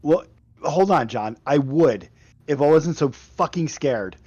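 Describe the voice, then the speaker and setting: A man's voice: a little high, expressive, a little slow, warm tone, slightly rough, no room sound. Joking male player, dry dull sound. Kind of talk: casual chat in a tabletop game.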